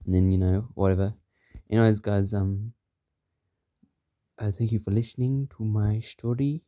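A man's voice: on the low side, steady tone, moderate pace, warm tone, dry recording, muffled recording. A man casually improvising a silly story for his podcast, rambling with many fillers and chuckling at his own jokes.

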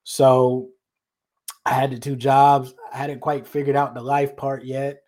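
A man's voice: mid-range voice, flat delivery, measured pace, a little mellow. Slangy storyteller man. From North Carolina. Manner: loose, slangy storytelling with many asides to listeners. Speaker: podcast host and life coach. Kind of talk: casual storytelling. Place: out on location in his childhood neighborhood.

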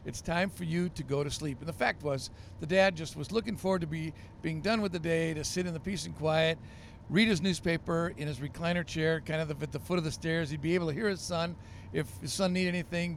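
A man, a pastor, telling stories on a podcast in a lively, animated way with frequent ums and uhs. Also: on the high side, fairly quick, vocal fry, slight background noise. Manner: animated storyteller with many fillers. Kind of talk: storytelling on a podcast.

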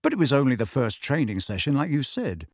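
A man's voice: mid-range voice, very animated, brisk, no room sound, studio quality. A man doing a weary, muttering teenage boy. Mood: subdued. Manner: muttered, subdued. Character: tired, loyal teenage boy, low-key.

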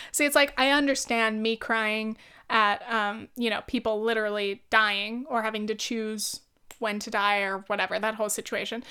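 A young woman talks through a casual solo podcast in a smooth, clear, slightly high voice. She is chatty and candid, swearing freely and laughing easily as she goes. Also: a bit bright. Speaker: podcast host. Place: lives in the UK.

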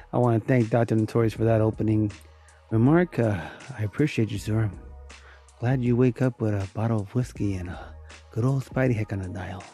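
A man's voice: lowish voice, normal speed, dark tone, slightly rough, soft background music. A man hosting his own comedy voiceover podcast, rambling and joking in a casual intro. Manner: rambling, joking, self-promoting. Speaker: podcast host.

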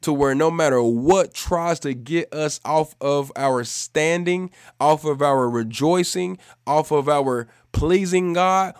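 A man's voice: a little high, clean tone, dry recording, studio quality. Emphatic man preaching a devotional. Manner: emphatic, repeats key phrases for stress; speeds up and slows down for emphasis. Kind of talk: devotional podcast sermon.

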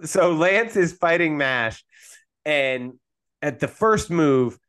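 A man's voice: fairly high pitch, animated, takes it slowly, a bit bright, clean tone. A man co-hosting a casual podcast, retelling events in a loose, rambling way with many fillers. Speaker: podcast co-host. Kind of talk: casual chat.

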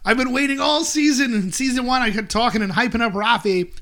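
A man's voice: extremely high pitch, a little fast. A man hosting a casual podcast, animatedly recapping an episode and quoting characters. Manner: animated, quotes characters in bursts. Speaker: podcast host.

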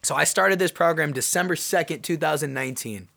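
A young man hosting his own podcast, telling a personal story in an animated, excitable way. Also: on the high side, fairly quick, gravelly. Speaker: podcast host. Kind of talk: casual solo podcast monologue.

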